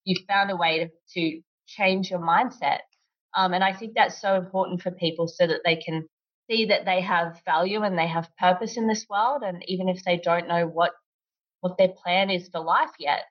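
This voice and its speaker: A woman's voice: fairly low pitch, normal speed. A woman hosting a conversation, chatty and casual, often using fillers like "you know" and "like". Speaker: podcast host and author. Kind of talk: casual chat. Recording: dull lo-fi audio.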